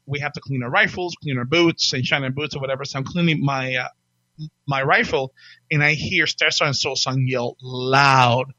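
A man in his forties telling stories in a casual chat, animated, barking out impressions of drill instructors. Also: fairly high pitch, no echo, muffled recording. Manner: animated, acts out drill instructors in loud barks. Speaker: podcast guest telling his life story.

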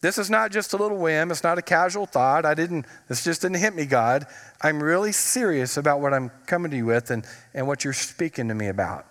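Inside a church with long sanctuary reverb, a pastor's fairly high, slightly bright voice moves fairly quickly. His sermon features humorous stories and words drawn out for emphasis.

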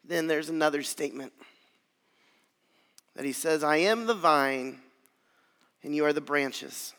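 A man preaching a sermon as pastor, earnest and swelling louder on key phrases. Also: fairly high pitch, measured pace, big-room sound.

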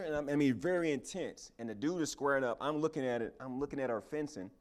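A preacher telling a personal story in a sermon, with lots of fillers and false starts. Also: male voice, mid-range voice, fast, few pauses. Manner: animated, hesitant storytelling with many fillers.

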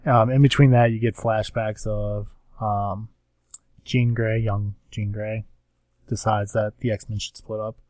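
A comics podcast co-host with a somewhat low, slightly mellow voice gives a rambling, casual recap of a comic issue in a flat delivery. He fills pauses with lots of ums and drops into quick acted-out quotes from the characters. The sound is dry and close, with no room ambience.

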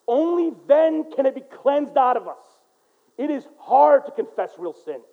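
A male pastor preaching a sermon, dropping to a quiet voice for prayers and rising to loud, emphatic exhortation. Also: very high-pitched, big pitch swings, measured pace, creaky, phone-quality sound.

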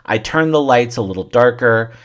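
A man's voice: medium pitch, animated, normal speed. A man hosting his own comedy podcast, telling crude, irreverent stories in a wry, offhand monologue. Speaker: podcast host.

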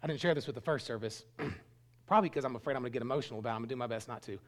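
A middle-aged pastor races through a sermon in a mid-range voice, telling stories earnestly. He swings between loud bursts and hushed lines.

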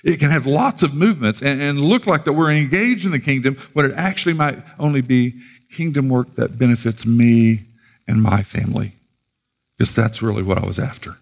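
A man's voice: mid-range voice, normal speed, vocal fry. A man preaching a sermon in a conversational way, often repeating words and restarting phrases. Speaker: pastor. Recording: long reverb of a large hall.

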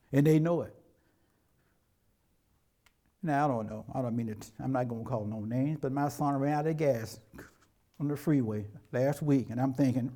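A man's voice: medium pitch, normal speed, long pauses, dark tone. A middle-aged man preaching a sermon as a pastor, in a conversational way, acting out quotes from everyday life.

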